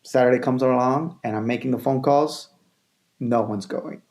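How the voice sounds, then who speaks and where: A man from Venezuela, a filmmaker guest, telling a story in casual chat, animated, repeating phrases and acting out quotes. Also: mid-range voice, moderate pace.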